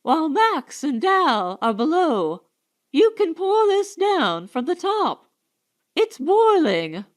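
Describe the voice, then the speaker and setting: Woman narrator playing reckless, excitable girl; shrill high calls. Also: takes it slowly, full character voice. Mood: wild. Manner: shrill, wild. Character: wild, reckless young woman with boiling kettle.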